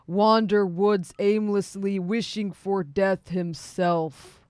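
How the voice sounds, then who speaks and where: Woman plays a grieving stitched-together male monster for a tabletop game, slow broken speech, pushed louder than her usual. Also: mid-range voice, fairly even intonation, no echo, clean studio sound, lightly acted. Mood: mournful.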